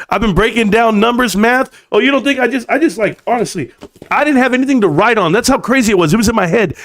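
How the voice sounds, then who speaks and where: A man hosting his own live stream, talking in a blunt, fired-up rant that swings from calm to loud and emphatic. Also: high-pitched, dry recording. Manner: blunt, swears freely. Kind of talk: ranting live stream talk. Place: room at home.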